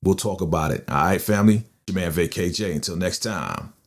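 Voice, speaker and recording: Man, fairly low voice, casual episode recap, animated storytelling, studio mic. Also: fairly quick. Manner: animated retelling, acting out character lines in slang. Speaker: recap channel host. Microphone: studio podcast microphone.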